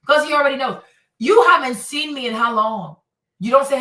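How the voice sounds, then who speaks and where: A woman's voice: sits high, moderate pace. A woman from Northern Virginia hosting a casual commentary show, telling stories with indignant energy and acting out what people said. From Northern Virginia, USA. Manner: animated, indignant storytelling with acted-out quotes. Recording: echoey room, voice a bit far from the mic.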